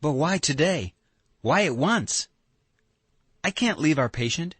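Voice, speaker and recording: A man's voice: on the high side, expressive, slow, breathy edge, no room sound, voice pushed up, heavily acted. A man reading an audiobook, voicing a proud, defiant young woman who falters and pleads in distress. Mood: distraught.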